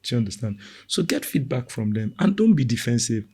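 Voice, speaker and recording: A middle-aged man talking casually about parenting, animated and quick to act out the voices of the people he quotes. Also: mid-range voice, slightly rough. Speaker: parenting podcast co-host. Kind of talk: casual conversational talk.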